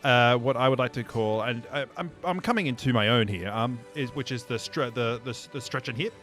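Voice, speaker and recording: A man's voice: medium pitch, fairly quick, a bit bright, soft background music. An Australian man joking and rambling as a player in a tabletop game, with many fillers and restarts. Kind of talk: casual tabletop game play.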